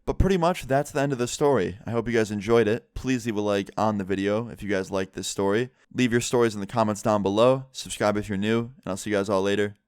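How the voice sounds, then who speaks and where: Low-voiced young man telling a story. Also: quick pace, few pauses, a little mellow, clean tone, no room sound. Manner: chatty, filler-heavy retelling. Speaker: vlogger. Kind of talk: casual storytime.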